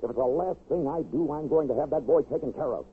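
A man's voice: fairly high pitch, fast, close to an everyday voice. An actor playing a stern, exasperated father in a 1950s radio drama, harsh and commanding. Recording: tinny, hissy 1950s radio broadcast.

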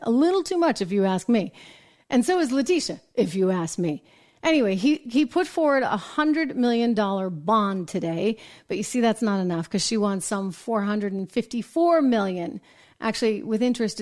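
A woman hosting a news commentary show, talking brisk and emphatic with sarcastic asides. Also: medium pitch, a little mellow. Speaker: show host and business reporter. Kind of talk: opinionated political news commentary.

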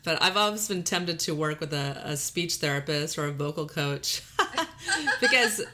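A Texas woman hosts a casual podcast, mixing a Texan drawl with a Californian Valley Girl lilt. She's chatty and self-deprecating and laughs a lot, her low-pitched voice pushed and bright at a normal speed.

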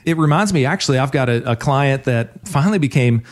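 A man's voice: mid-range voice, lively intonation, brisk. A man who is a financial advisor, hosting a radio talk show and telling a client story in a friendly, casual way with easy laughs.

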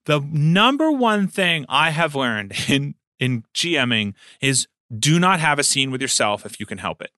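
A man talks shop about running tabletop games in an easy, chatty way. His voice is bright and forceful, and it swings up and down with energy. The sound is dry and close. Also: a little high, normal speed, few pauses, dry recording. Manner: animated, laughs often. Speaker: podcast co-host and game master. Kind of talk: casual chat.

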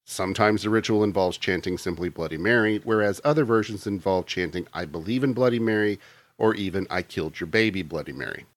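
A man's voice: low voice, fairly quick, no echo. A man hosting a casual podcast, reading notes aloud between jokes. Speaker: podcast host reading the lore.

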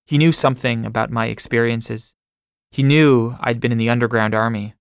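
A man reading a first-person memoir aloud in a measured way. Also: medium pitch, steady tone, clear, resonant tone, dry recording, clean studio sound. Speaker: audiobook narrator.

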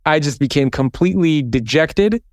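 A man, a podcast guest, telling a story from his own working life, lively and acting out the people he quotes. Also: a little high, moderate pace, no room sound, studio quality. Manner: animated storyteller, acts out quoted voices.

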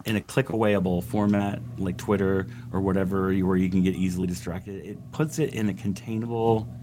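A man's voice: low-pitched, steady tone, a little fast, background noise. A man co-hosting a chat show, talking earnestly and thinking aloud. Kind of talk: casual chat.

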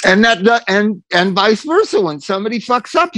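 Animated, swearing man telling stories. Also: sits high, no room sound. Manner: animated storyteller, swears freely, quick asides. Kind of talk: casual chat.

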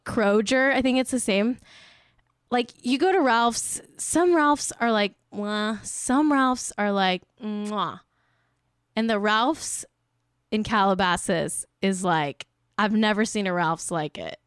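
A woman's voice: medium pitch, measured pace, clear, resonant tone, no room sound, clean studio sound. A young woman hosting a podcast, chatting casually in a giggly, rambling, playful way. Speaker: podcast host. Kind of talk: casual chat.

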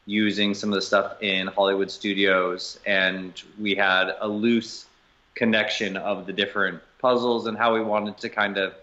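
A man guest on a casual podcast, talking in a measured way with some hesitation. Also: on the low side, flat delivery, sharp tone. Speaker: podcast guest, book co-author. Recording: dull lo-fi audio.

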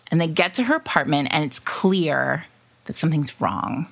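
A woman co-hosting a book podcast, her voice bright and forceful, with wide swings of pitch. She talks casually and animatedly, laughing often and acting out lines from the story. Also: lively intonation, normal speed, creaky. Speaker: podcast co-host.

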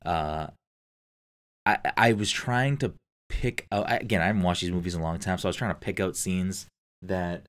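In a loose, casual podcast chat, a man with a very deep, low voice talks at a moderate pace. He's enthusiastic, swears constantly, and packs plenty of filler words between his points.

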